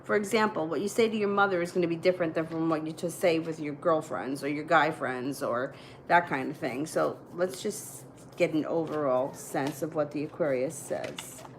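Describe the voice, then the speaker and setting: A woman's voice: low voice, moderate pace, a little hiss or hum, rough recording. A woman doing live tarot readings, answering viewer questions in a loose, chatty way. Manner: casual, explains readings conversationally with fillers. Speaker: tarot reader.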